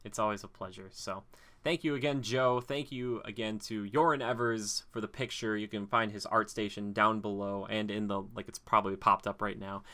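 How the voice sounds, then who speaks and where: A man's voice: lowish voice, steady tone, normal speed, bright, forceful tone. A man hosting a podcast in casual chat, rambling along with lots of fillers. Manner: rambling, filler-heavy talk. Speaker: podcast host.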